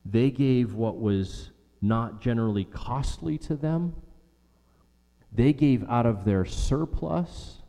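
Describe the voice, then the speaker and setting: A man's voice: mid-range voice, takes it slowly, creaky, mellow, in a large hall. A man preaching a sermon as pastor, emphatic, repeating phrases and asking rhetorical questions.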